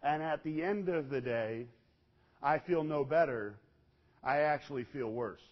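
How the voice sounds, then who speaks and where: A man preaching a sermon, telling the story in an animated way with sudden loud bursts and hushed low passages. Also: measured pace. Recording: dull lo-fi recording.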